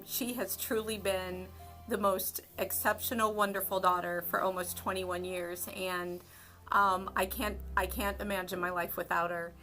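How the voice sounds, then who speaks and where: A middle-aged mother speaking emotionally on the phone, halting and full of gratitude. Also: medium pitch, bright, forceful tone. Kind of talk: heartfelt phone message.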